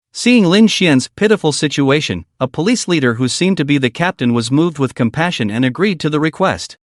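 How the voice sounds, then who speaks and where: A man narrating a story recap in a steady, dramatic storytelling way. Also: a little high, brisk, few pauses, dry recording, studio quality.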